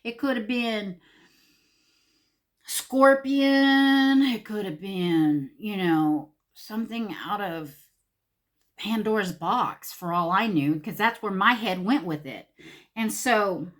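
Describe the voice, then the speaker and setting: A woman's voice: mid-range voice, expressive, a little slow. A middle-aged woman, chatting animatedly and full of fillers while she does her makeup for a get-ready-with-me video. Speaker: beauty vlogger.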